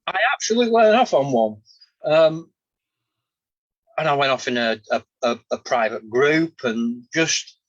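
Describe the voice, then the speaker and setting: A slightly high, somewhat bright male voice comes through a muffled recording. He's a podcast host speaking candidly and casually about his own feelings, reflective and hesitant, restarting himself often.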